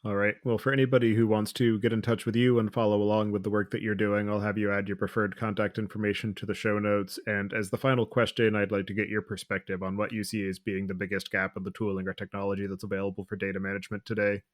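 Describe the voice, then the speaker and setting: A man hosting a tech interview podcast, asking long, measured questions. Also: on the low side, flat delivery, no room sound, clean studio sound. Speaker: podcast host. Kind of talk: interview host.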